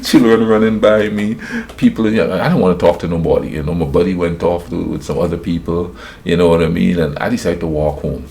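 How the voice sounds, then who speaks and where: An older man with a low voice tells a story from his youth in a relaxed, chatty way. His voice has a gravelly edge, and he breaks into acted-out voices and laughter. A faint hiss runs under the recording. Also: fast talker. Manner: animated, acts out voices, laughs often. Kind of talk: casual storytime monologue.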